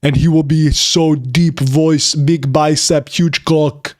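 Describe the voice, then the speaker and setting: A man putting on a mock Austrian accent to voice a huge, deep-voiced bodybuilder who talks slowly in broken grammar. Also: steady tone, a little mellow. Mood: boasting. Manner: slow, booming, broken grammar.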